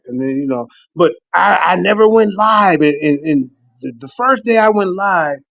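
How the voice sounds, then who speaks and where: High-voiced man, casual rambling livestream guest, dull lo-fi dry sound. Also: creaky, dry recording. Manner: rambling, laughs often, jumps into high excited voices when quoting himself. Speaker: guest on a livestream talk show. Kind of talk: casual chat. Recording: dull lo-fi stream audio.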